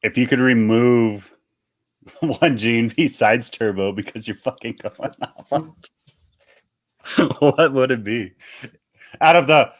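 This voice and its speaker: A man's voice: medium pitch, takes it slowly, long pauses. A man hosting a podcast in casual chat, blunt and teasing, swearing often. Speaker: podcast host.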